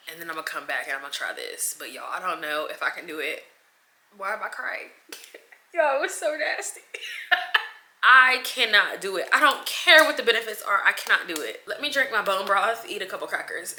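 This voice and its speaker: A woman's voice: on the low side, sharp tone. A young woman chatting casually to camera in a vlog, dramatic and talking to viewers as y'all. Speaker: vlogger. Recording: echoey room.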